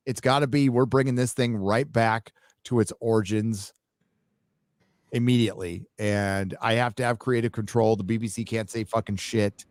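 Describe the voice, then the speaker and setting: A man's voice: on the low side, a little mellow, dry recording, clean studio sound. A man hosting a casual show, reading out donations in a blunt, profane, laid-back way. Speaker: podcast host.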